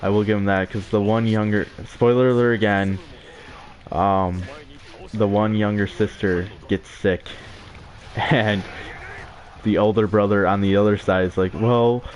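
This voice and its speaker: A man's voice: lowish voice, flat delivery, unhurried, long pauses, a little mellow. A young man giving casual, rambling commentary over his gameplay, with frequent filler words and chuckles. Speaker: let's play gamer.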